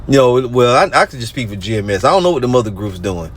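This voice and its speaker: A man's voice: mid-range voice, lively intonation, quick pace, slight background noise. A man, ranting in a casual monologue and reading scripture aloud between mocking remarks. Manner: rants and mocks, reads verses aloud. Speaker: religious group commentator.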